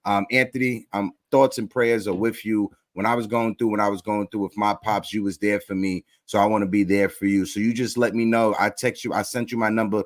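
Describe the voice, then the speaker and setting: A man's voice: lowish voice, flat delivery, brisk, few pauses, no echo, studio quality. A man hosting a live sports show, speaking earnestly and from the heart to his chat, sometimes repeating himself. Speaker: podcast host.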